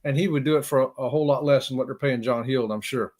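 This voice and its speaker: A man's voice: medium pitch, steady tone, quick pace, darkish tone. A man hosting a casual live stream, rambling and chuckling as he talks to viewers by name.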